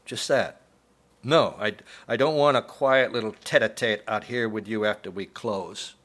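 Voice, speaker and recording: A man's voice: on the low side, a little slow, fairly bright tone. A man voicing a young, wary woman bartender who speaks firmly but uneasily.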